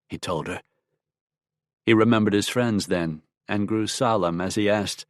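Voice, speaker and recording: A man narrating a western audiobook in an even, measured storytelling manner. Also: on the low side, no echo, studio quality. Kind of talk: scripted narration.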